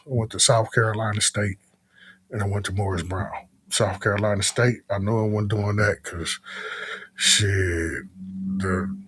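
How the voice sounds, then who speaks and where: A man talks as a guest in a relaxed, rambling way. His voice is low and a little husky, and he often throws in "you know what I'm saying.". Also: unhurried. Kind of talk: casual conversation.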